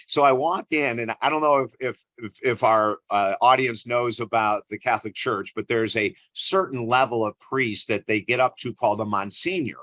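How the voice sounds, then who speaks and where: Bright-voiced older man telling stories. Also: mid-range voice, normal speed, hardly any pauses, dry recording, poor audio. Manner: animated storyteller, chuckling often. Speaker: interview guest, counselor. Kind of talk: personal storytelling in an interview.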